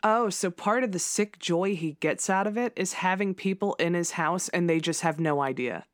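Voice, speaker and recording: Woman, fairly low voice, casual podcast co-host, dry close-mic sound. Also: moderate pace, dry recording. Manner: reactive, chiming in with comments. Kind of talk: casual true-crime chat.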